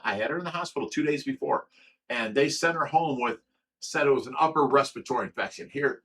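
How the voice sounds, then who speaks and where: A man's voice: on the high side, fairly bright tone, distant mic, a little hiss or hum. A man hosting a livestream, telling a long personal story in a rambling way, stammering and repeating himself with lots of fillers. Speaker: livestream host of a fish rescue.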